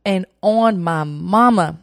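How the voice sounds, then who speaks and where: A woman's voice: on the low side, takes it slowly, gravelly, dry recording, clean studio sound. Chatty woman telling a story. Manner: animated, chatty, lots of fillers. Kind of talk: casual storytelling.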